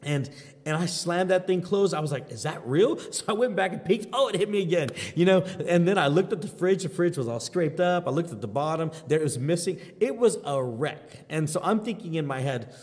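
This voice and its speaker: A man giving a devotional sermon, telling a lively personal story in a folksy, earnest way. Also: on the high side, brisk. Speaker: pastor. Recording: long hall reverb.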